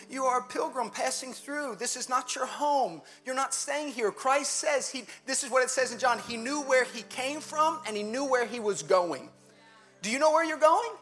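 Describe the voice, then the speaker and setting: A male pastor giving a conversational, animated sermon in a church, with quick asides and laughter. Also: extremely high pitch.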